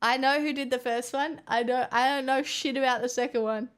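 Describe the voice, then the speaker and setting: An Australian woman streamer in casual livestream chat, rambling and playful, drifting into soft murmurs. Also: high-pitched, steady tone, fairly quick, clear, resonant tone.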